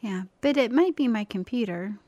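A woman's voice: on the high side, lively intonation, moderate pace, warm tone, no echo, lo-fi sound. A middle-aged woman co-hosting a podcast, chatting casually in a dry, matter-of-fact way. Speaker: podcast co-host. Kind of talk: casual chat.

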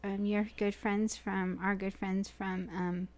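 A woman's voice: mid-range voice, level tone, slow. A woman co-hosting a podcast in casual chat, playful and dryly sarcastic. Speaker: podcast co-host.

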